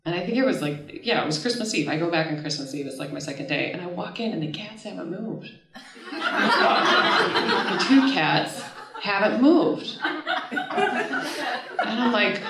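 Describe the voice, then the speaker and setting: Animated woman telling a story in an echoey room. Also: mid-range voice, unhurried, long pauses, very noisy. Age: 30s. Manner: animated and casual, often laughs and swears mid-story. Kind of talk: live personal storytelling on stage. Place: stage at a live storytelling event. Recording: echoey room, voice from far off the mic.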